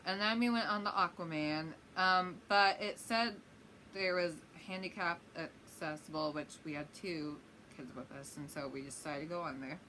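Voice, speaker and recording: A woman's voice: lowish voice, moderate pace, bright, forceful tone, a little hiss or hum. A woman vlogger telling a rambling, chatty story-time tale.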